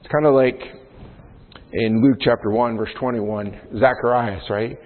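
A man's voice: medium pitch, steady tone, measured pace. Preacher man in an echoing, tinny hall. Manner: conversational preaching, frequent "right?" asides. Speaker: pastor. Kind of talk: sermon. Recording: phone-like sound in a long-reverb hall.

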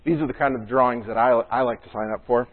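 Preaching quickly in a mid-range voice with fairly even intonation, the man leads a casual sermon full of chatty side remarks and jokes. His sound is tinny and phone-like.

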